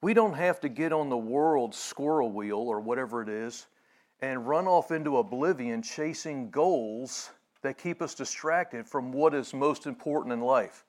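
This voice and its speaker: A male pastor giving a conversational sermon, with many fillers and restarts, and growing animated when he retells a story. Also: medium pitch, unhurried.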